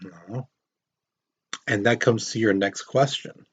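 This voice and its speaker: A man with a fairly low, husky voice teaches history slowly and in a steady tone. His classroom lecture is casual and story-driven, with quotes acted out and questions aimed at his students.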